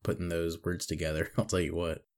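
A man's voice: low voice, monotone, brisk. A man hosting a casual podcast quiz, reading out quotes and teasing his guests. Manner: joking, teasing.

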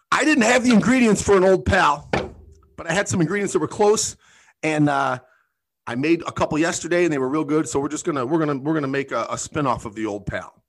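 A man's voice: a little high, fast talker. A man hosting a comedic podcast, talking loosely and profanely, laughing often as he reads listener messages and tells stories. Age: adult. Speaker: podcast host. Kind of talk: casual comedic chat.

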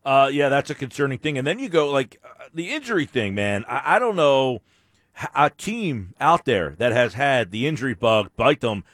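A man hosting a sports radio show, talking in a casual, laid-back way with plenty of halting fillers. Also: a little high, a bit bright, no room sound. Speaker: radio host.

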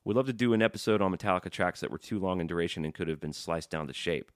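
A man's voice: low voice, no room sound, studio quality. A man co-hosting a podcast, joking around and reading listener emails in casual chat. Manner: jokey, fast, banter-heavy. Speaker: podcast co-host.

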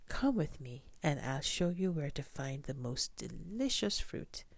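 A woman voicing a loving mother bat in a storybook reading, soft and reassuring. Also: sits low, very animated, unhurried, vocal fry, breathy edge, no echo, exaggerated voice.

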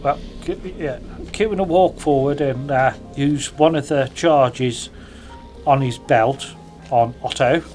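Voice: medium pitch, slow pace, a little mellow, faint music behind. A player in a tabletop game, calling out his character's actions and dice rolls. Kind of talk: tabletop play.

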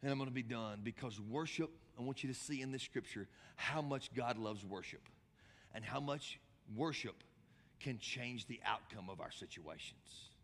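A man preaching a sermon as pastor, impassioned and rising to high, emphatic bursts. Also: moderate pace, a bit bright. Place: large church hall. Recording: long church hall reverb.

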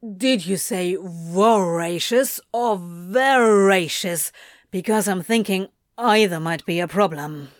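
A woman's voice: fairly low pitch, moderate pace, hardly any pauses, no room sound, studio quality, lightly acted. A woman doing a snappish, exasperated male demon. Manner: snarling, exasperated. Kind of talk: audiobook reading of fan fiction.

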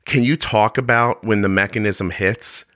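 A man's voice: on the low side, fairly even intonation, normal speed, a bit bright, no echo, clean studio sound. A man hosting a podcast interview, asking earnest, searching questions in a conversational way with frequent restarts. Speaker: podcast host.

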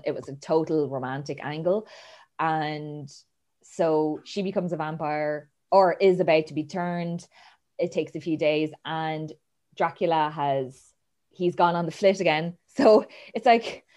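A woman with a low voice talks casually as a host, walking through a film's plot. She acts out the characters' lines with plenty of energy and laughs often along the way. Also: measured pace, darkish tone. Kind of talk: casual chat retelling a film plot.

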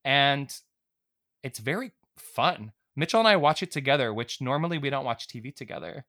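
A man's voice: medium pitch, lively intonation, moderate pace, sharp tone. A man hosting a casual interview, talking with fan enthusiasm and lots of filler words. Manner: enthusiastic, gushing fan talk full of "like".

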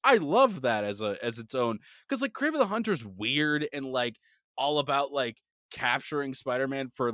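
A young man co-hosting a podcast, chatting casually and telling stories in an animated, profane way. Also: fairly high pitch, dry recording, studio quality. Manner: animated, profane storytelling with voices. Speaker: podcast co-host. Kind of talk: casual chat.

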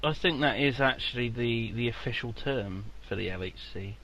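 A man co-hosting a podcast, chatting casually with dry, deadpan jokes. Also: mid-range voice, normal speed, low-quality recording. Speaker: podcast co-host. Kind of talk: casual chat.

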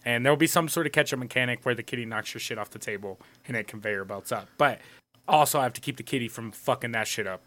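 A man's voice: mid-range voice, fast talker, bright, forceful tone. A man co-hosting a casual chat, joking, swearing freely and laughing a lot. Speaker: co-host.

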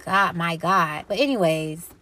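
A woman's voice: fairly low pitch, measured pace, pushed and bright. A woman hosting her own podcast, talking in a blunt, profane, preachy way and firing off emphatic rhetorical questions. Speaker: podcast host. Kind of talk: impassioned solo podcast monologue.

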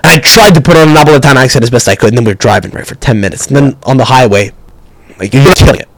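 A young man hosting a podcast, telling stories in a profane, rambling, animated way. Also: medium pitch, racing, no room sound, poor audio. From Canada. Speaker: podcast host. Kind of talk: casual storytelling rant.

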